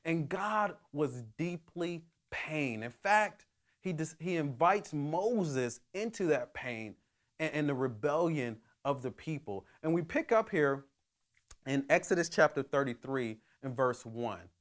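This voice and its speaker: Conversational male pastor, slightly high. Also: expressive, takes it slowly. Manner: conversational, with many restarts and fillers. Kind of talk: sermon.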